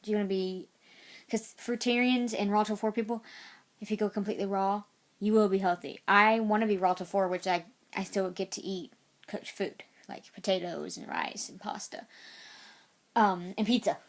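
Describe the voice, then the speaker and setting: A woman's voice: mid-range voice, fairly even intonation, normal speed. A woman vlogging casual tips, chatty and rambling, often correcting herself mid-sentence. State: out of breath.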